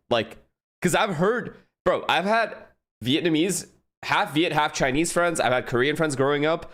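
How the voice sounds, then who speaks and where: A man in casual, rambling chat, hosting a watch party and talking to his stream chat; his first language is Gujarati. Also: on the high side. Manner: rambling, animated, swears casually.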